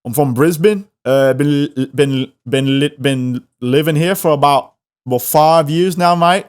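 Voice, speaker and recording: A man's voice: a little high, a little slow, clear, resonant tone, lightly acted. A man putting on an Australian accent to play a big, laid-back male wrestler who drawls and keeps repeating himself. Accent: Australian put-on. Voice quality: drawling, repeats himself, says mate a lot.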